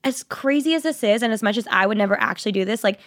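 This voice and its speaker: A young woman co-hosting a podcast, telling a dating story in animated, fast-moving casual chat with quick asides. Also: medium pitch, dry recording, studio quality. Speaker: podcast co-host.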